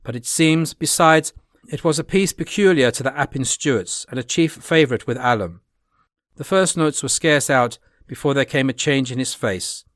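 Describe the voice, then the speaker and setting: Male audiobook narrator, classic novel, steady plain reading, mid pitch, dry close recording. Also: moderate pace, no room sound.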